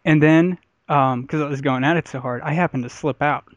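A man with a slightly high voice tells a crude story in loose podcast chat, often breaking into laughter. His voice sounds dry and a little muffled, close to the mic. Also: fairly even intonation, fairly quick, dry recording. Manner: laughs often while telling stories. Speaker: podcast host.

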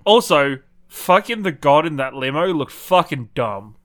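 Animated man ranting in casual chat. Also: on the high side, a little slow. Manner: animated, swears freely, rants with incredulous questions. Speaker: podcast co-host. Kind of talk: casual pop-culture chat.

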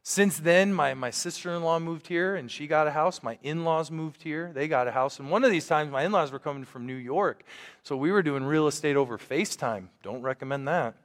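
A man with a slightly high voice preaches in a conversational, storytelling way, earnest and warm to the congregation, restarting phrases as he goes. His voice rings out with a long hall reverb, as if in a church sanctuary. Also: fairly quick. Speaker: pastor. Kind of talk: storytelling sermon.

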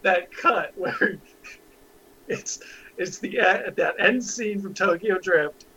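A man's voice: sits high, takes it slowly, pushed and bright, slight background noise. A man co-hosting a casual podcast chat, giggly and nitpicking as he talks. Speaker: podcast co-host. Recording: muffled lo-fi recording.

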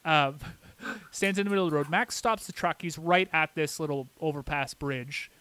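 A man's voice: on the high side, normal speed, bright, forceful tone, smooth. A man co-hosting a podcast, casually recapping an episode in a chatty play-by-play and briefly mimicking the characters' lines. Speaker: podcast co-host.

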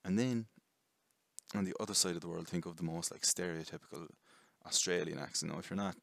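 A man's voice: low voice, fairly even intonation, a little fast, creaky, a bit bright, no room sound. A young man rambling casually through a jokey film review, swearing and correcting himself often.

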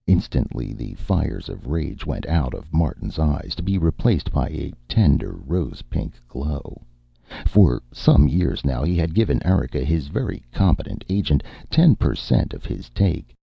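A man narrating an audiobook in a dry, measured storytelling manner. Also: very deep voice, animated, gravelly, breathy edge, no echo. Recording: dull lo-fi, dry.

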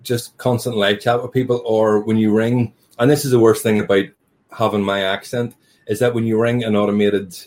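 A man's voice: on the low side, flat delivery, moderate pace, darkish tone. A man who runs a tea business, chatting as a guest in a casual interview and telling stories with jokes at his own expense. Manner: joking, self-deprecating storyteller.

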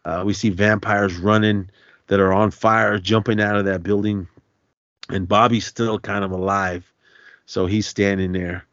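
A man's voice: lowish voice, little pitch movement, a little slow, fairly bright tone, dry recording. A man hosting a podcast, casually retelling a film's plot in a loose, rambling way with lots of fillers and restarts. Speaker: podcast host. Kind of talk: casual movie recap. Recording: dull, dry lo-fi sound.

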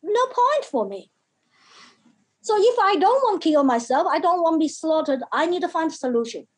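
A woman guest recounting her childhood in earnest, halting non-native English with many restarts. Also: very high voice, animated. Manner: acts out quoted voices from her childhood. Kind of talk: personal storytelling in an interview.

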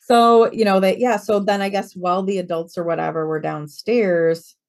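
A woman in her forties, a real estate broker and podcast guest, telling stories in a lively way and acting out the quoted dialogue. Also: medium pitch, moderate pace. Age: 40s. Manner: lively storyteller who acts out quoted dialogue. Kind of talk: conversational interview storytelling.

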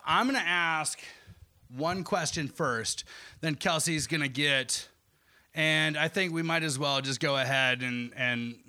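A man's voice: on the high side, sharp tone. A man hosting a live comedy show, loose and joking with profane banter.

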